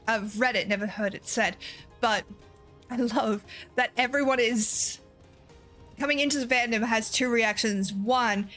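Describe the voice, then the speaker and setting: A woman's voice: a little high, a bit bright. A woman streaming a game, chatting casually, swearing freely and laughing often. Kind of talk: casual gameplay chat.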